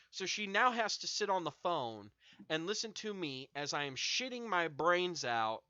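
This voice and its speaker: A man's voice: on the high side, sharp tone, no echo, lo-fi sound. A young man hosting a stream, smoking and telling a long, profanity-laced story in a rambling, filler-heavy way. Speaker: streamer host. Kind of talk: casual storytelling to chat.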